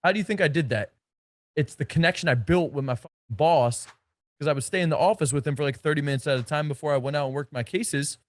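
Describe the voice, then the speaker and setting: A man's voice: on the high side, quick pace, no room sound. Blunt, emphatic male dating coach. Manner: emphatic, blunt and profane, with punchy repetition. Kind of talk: energetic coaching talk.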